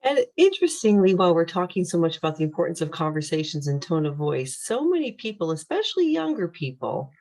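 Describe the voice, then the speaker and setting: A woman's voice: on the low side, big pitch swings, fast, few pauses, a little mellow. A woman hosting a podcast interview, who adds thoughtful points and asks follow-up questions. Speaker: podcast host.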